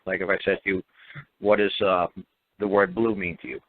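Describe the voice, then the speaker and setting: A man hosting a radio talk show, blunt and animated, mocking others in put-on quotes. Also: deep voice, normal speed. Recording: tinny phone-like dry audio.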